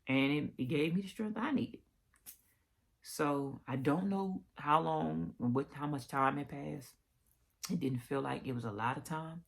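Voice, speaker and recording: A woman vlogger tells a personal story in a casual, heartfelt way. Her voice is gravelly and husky, with a fry at the ends of her phrases. She sometimes drops to a whisper and restarts her sentences. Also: deep voice, unhurried. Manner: emotional retelling with restarts and whispered asides.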